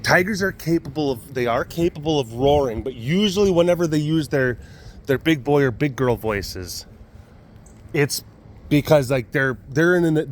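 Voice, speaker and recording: A man who hosts a big cat facility's webcast, talking casually and in a rambling way outdoors, restarting his sentences and laughing often. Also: fairly high pitch. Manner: chatty and meandering, many restarts, laughs often, now and then mimics animal sounds. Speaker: big cat sanctuary keeper and webcast host. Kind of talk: casual rambling talk to camera. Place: outdoors at a wild animal facility.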